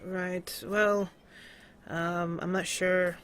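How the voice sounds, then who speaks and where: A woman voicing a calm, businesslike male captain in a tabletop game, speaking low, hushed and measured.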